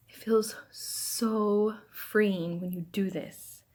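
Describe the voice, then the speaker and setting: A woman speaking as a self-help speaker in a casual personal talk, earnest, often dropping into soft near-whispers. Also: mid-range voice, fairly even intonation, drawn-out words.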